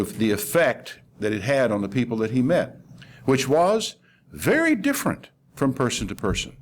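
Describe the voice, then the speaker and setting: An older man preaching a sermon, telling a scripture story in a conversational way and acting out the quoted voices with animation. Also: mid-range voice.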